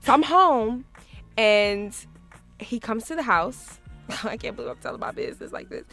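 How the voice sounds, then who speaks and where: A woman's voice: a little high, sing-song, normal speed, creaky, a bit bright, faint music behind. A woman hosting a radio show, telling a story in casual chat, laughing often and acting out both sides.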